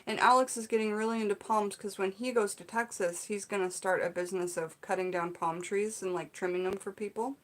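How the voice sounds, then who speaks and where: A woman vlogger from the Seattle area chatting to her viewers as she opens gifts, gushing, excited and full of fillers. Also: medium pitch, fairly quick, few pauses. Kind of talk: casual unboxing chat to viewers.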